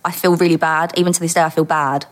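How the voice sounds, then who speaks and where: A middle-aged woman recounts her undercover police years in a relaxed chat. She is animated, laughs easily and slips into the voices of the people in her stories. Her voice sits a little low for a woman. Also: fast. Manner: animated, laughs often, acts out quoted voices. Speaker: former undercover police officer, guest. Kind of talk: casual interview storytelling.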